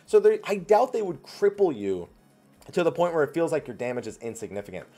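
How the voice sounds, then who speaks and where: A man's voice: on the high side, big pitch swings, fairly quick, dark tone. A man from New Jersey hosting a weekly Q&A, chatting casually as he answers viewer questions. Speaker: host. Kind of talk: casual Q&A chat.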